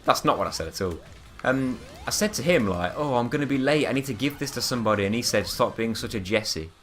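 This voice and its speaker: A man's voice: medium pitch, lively intonation, fast talker, over music. A young man telling a funny anecdote in casual chat, laughing often and acting out the people he quotes. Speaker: podcast co-host. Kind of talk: casual storytelling.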